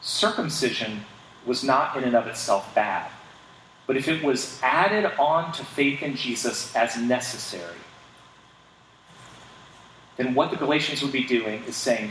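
A man's voice: mid-range voice, lively intonation, measured pace, pauses often, fairly bright tone, slight background noise. A man preaching a sermon as pastor, earnest and emphatic, posing rhetorical questions to the congregation. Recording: echoey room, distant mic, faint ambience.

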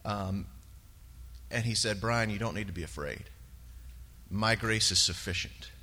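A man's voice: lowish voice, bright, forceful tone. Earnest man giving testimony in a hall. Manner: earnest, halting, with fillers. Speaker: church member sharing testimony. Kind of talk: personal testimony in church. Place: church sanctuary. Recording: long reverb of a large hall.

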